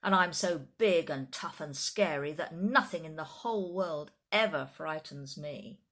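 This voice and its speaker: A woman reading a children's picture book aloud, voicing a huge boastful male dinosaur with slow booming boasts and shrieking panic. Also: a bit bright.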